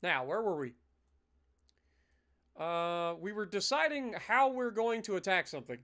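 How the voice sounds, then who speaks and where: A casual young man thinks aloud as he plays a naval strategy game for a live stream. His throat is slightly rough, so he keeps clearing it between lines. His voice sits a little above the usual pitch for a man, and he lets the odd curse slip in. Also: lively intonation, a little slow, fairly bright tone.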